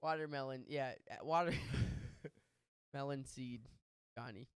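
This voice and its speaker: A young man hosting a podcast, telling a story in casual chat, animated and profane with quick asides. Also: medium pitch. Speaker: podcast host.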